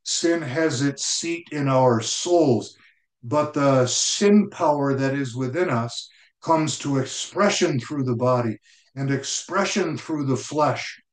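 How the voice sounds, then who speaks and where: A man preaching a sermon, slow and deliberate, repeating key phrases for emphasis. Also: medium pitch, reverberant. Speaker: pastor.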